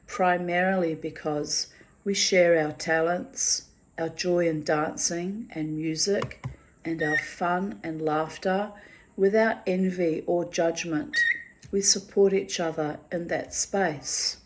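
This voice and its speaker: A woman's voice: lowish voice, darkish tone. An older woman reading her diary aloud in a blunt, sweary, exasperated way. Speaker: diarist reading her journal. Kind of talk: diary-style personal reading.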